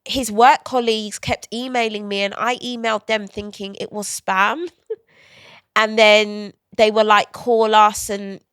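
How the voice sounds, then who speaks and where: A woman's voice: mid-range voice, unhurried, smooth, dry recording. Candid woman, dry close sound. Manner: candid, animated storytelling with quoted asides. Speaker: guest author. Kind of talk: conversational podcast interview.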